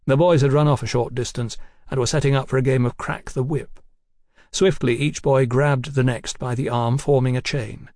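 In a dry, studio-quality recording, a man narrates an audiobook with a mid-range voice. His storytelling is steady and even, at normal speed.

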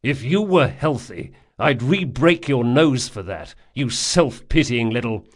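An audiobook reader voicing a gruff, burly male thief who scolds bluntly and coarsely. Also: medium pitch, expressive, measured pace. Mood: scolding, gruff.

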